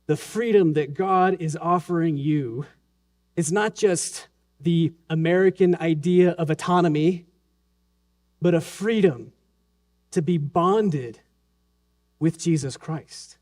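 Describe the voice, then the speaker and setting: A male pastor in his thirties delivers a Sunday sermon in an unhurried, deliberate way. His voice sits high for a man, and he moves between soft, hushed passages and raised, urgent pleas. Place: church sanctuary during a Sunday service.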